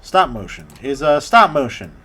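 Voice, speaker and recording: A man's voice: mid-range voice, very animated, moderate pace, sharp tone, husky. A man casually narrating a tutorial over his screen recording, rambling and hesitant with many restarts. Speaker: video creator explaining his process.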